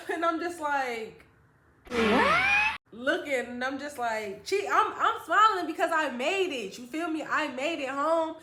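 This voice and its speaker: High-voiced woman telling a story. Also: unhurried, a little hiss or hum. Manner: animated, slangy, addresses viewers directly. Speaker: vlogger. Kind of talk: casual storytime. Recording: roomy echo.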